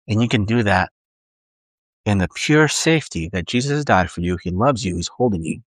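A man's voice: fairly low pitch, lively intonation, brisk, no echo, poor audio. A man preaching a sermon as pastor in a conversational way, often acting out inner voices and restarting his phrases.

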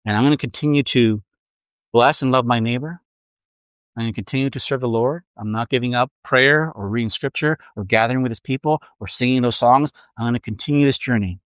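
A man's voice: mid-range voice, a little fast, clean tone, no room sound. A man preaching a sermon as pastor, earnest and reflective, speaking to a congregation in a church room.

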